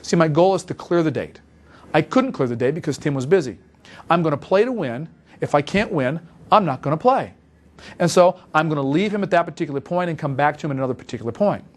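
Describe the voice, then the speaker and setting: Brisk, emphatic man teaching fast. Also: on the high side, lively intonation. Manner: brisk, emphatic, repeats for stress. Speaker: sales trainer. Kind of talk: instructional talk with role-played phone calls.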